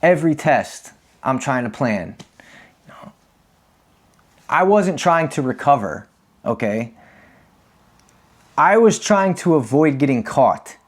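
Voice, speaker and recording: Male host, 30s, confessional storytelling, candid and conversational, mid-pitched voice. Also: unhurried. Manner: candid, animated when acting out quotes. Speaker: podcast host.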